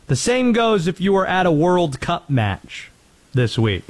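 A man's voice: high-pitched, very animated, unhurried, soft background music. A man hosting a talk radio show, chatting and joking with callers and co-hosts. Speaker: radio host. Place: radio studio.

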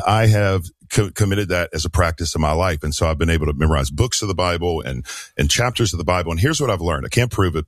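A man's voice: deep voice, no room sound. A man speaking as a radio guest pastor, earnest and emphatic, often repeating words as he builds a point. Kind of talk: radio interview, preaching tone.

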